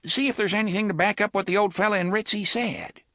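A man voicing a dim-witted, excitable young thug in an audiobook. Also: high-pitched, quick pace, no echo, clean studio sound, voice pushed up. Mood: excited. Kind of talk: audiobook character voice.

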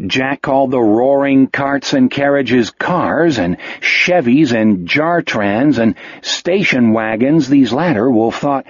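Guy reading an audiobook, kinda husky voice, dry dull sound. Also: mid-range voice, no echo. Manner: measured storytelling. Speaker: audiobook narrator. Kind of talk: scripted narration.

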